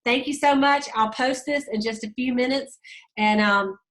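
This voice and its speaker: A woman's voice: a little high, moderate pace, a bit bright, poor audio. A woman hosting a motivational sales team call, upbeat and folksy, coaching her team. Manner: upbeat, pep-talk, folksy.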